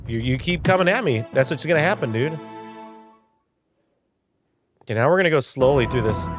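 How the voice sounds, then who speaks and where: Over music, a man in his early forties hosts a live stream with an animated, medium-pitched voice at a moderate pace, pausing at length. He's casual and rambling, reads viewer messages out, and swears from time to time.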